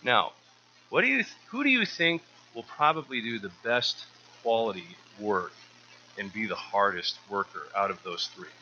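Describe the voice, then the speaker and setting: Male church speaker, earnest and stumbly, very bright sharp tone, slightly dull recording. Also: lowish voice, animated, moderate pace, a little hiss or hum. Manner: earnest, often repeats words while restarting. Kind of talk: informal sermon.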